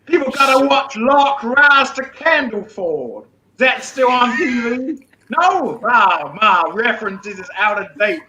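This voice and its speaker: A man's voice: extremely high pitch, sing-song, takes it slowly, bright, forceful tone, slight background noise, rough recording. A man guest-hosting a comedy panel show, brash, profane and teasing. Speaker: guest host.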